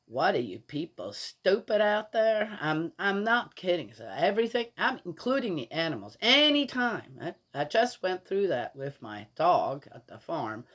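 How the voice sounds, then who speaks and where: An older grandmother talking in a casual, rambling monologue, opinionated and exasperated, with restarts and laughs as she tells stories. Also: rumbling low. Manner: chatty, opinionated, exasperated storytelling.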